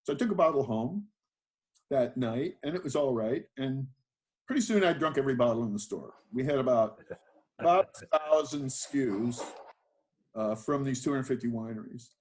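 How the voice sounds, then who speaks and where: An older man sits for an interview and tells his life story, wandering from one memory to the next. He talks in a loose, self-deprecating way, with many fillers and false starts. His voice sits at an ordinary middle pitch. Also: lively intonation, normal speed, darkish tone. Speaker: guest, winemaker.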